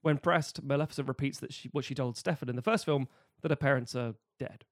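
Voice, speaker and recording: A man co-hosting a podcast, casually pitching a story and joking with swearing. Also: no room sound, studio quality. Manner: fast, jokey, slips into silly voices for characters. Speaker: podcast co-host pitching a sequel.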